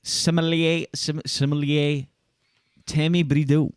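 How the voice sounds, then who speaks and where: A man's voice: fairly high pitch, flat delivery, slow pace, clean tone, dry recording. Jokey, rambling male podcast host whose first language is French, dry close sound. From Atlantic Canada. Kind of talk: casual chat.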